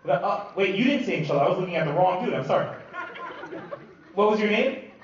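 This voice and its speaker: A man from Lebanon performs live stand-up, loud and animated as he works the crowd, his voice sitting fairly high. He is heard from far off in a booming, echoey hall. The sound is dull and lo-fi, with a loud crowd laughing behind him. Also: quick pace. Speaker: stand-up comedian. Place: large comedy venue with live audience.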